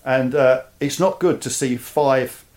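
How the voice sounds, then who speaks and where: A man from East London with a Cockney accent, a guest telling his story in a casual interview. He speaks in an animated way and often repeats words as he starts a thought. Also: mid-range voice, slow pace. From East London, England. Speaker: guest, army veteran.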